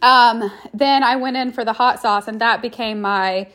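A woman's voice: a little high, fairly even intonation, normal speed, fairly bright tone. Chatty, rambling woman. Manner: chatty and rambling, with many fillers and restarts. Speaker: food reviewer. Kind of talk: casual chat.

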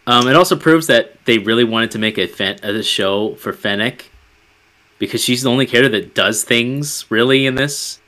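Male podcast co-host, bright and forceful tone, wry and dry, acts out scenes in quick bits. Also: mid-range voice. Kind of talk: casual review chat.

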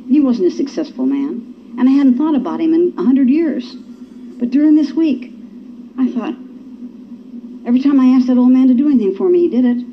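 A woman's voice: a little high, animated, a little fast, long pauses, a little hiss or hum. A woman giving a personal testimony at a recovery meeting. She tells her story in a folksy way and acts out the quotes. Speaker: speaker sharing at a recovery meeting. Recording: dull lo-fi recording.

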